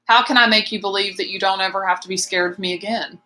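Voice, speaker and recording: Woman reading as a sorry, gentle teen boy, pleading softly, bright voice. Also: medium pitch, fairly even intonation, fast talker, lightly acted. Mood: earnest. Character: remorseful teenage boy, calm and pleading. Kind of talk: audiobook character voice.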